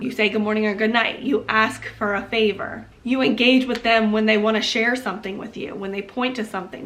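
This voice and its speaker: A woman with a hoarse voice from a chest cold, giving casual relationship advice to her viewers in a chatty, explanatory way. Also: mid-range voice, fairly bright tone. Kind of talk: casual advice talk to camera.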